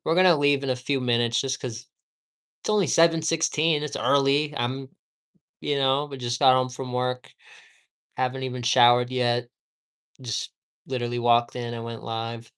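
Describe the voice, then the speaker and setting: Male streamer, mid-pitched, fired-up profane rant from home, rambling and emphatic. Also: fairly even intonation, moderate pace, fairly bright tone, clean tone. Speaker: live streamer. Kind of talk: casual livestream rant.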